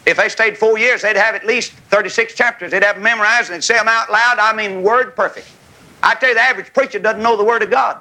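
Fiery preacher with a bright voice. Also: male voice, high voice, steady tone, quick pace, low-quality recording. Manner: fiery, folksy, loud preaching with shouted peaks. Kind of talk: revival tent sermon. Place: revival tent with a congregation. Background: congregation calling amen.

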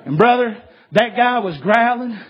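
A man preaching a sermon, telling a story in a folksy, repetitive way with many filler sounds and bursts of shouting. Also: very high-pitched, expressive, unhurried, highs cut off, a crowd in the background.

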